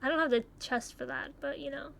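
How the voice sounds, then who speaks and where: A young woman chatting casually as she takes online quizzes, swearing freely and thinking out loud. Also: sits high, fairly even intonation, fairly quick, creaky. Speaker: YouTuber taking online quizzes. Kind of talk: casual commentary while playing.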